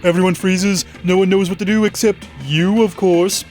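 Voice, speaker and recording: Man, reading game narration, wry, mock-dramatic, high pitch, light music. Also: fairly even intonation, moderate pace, a little mellow.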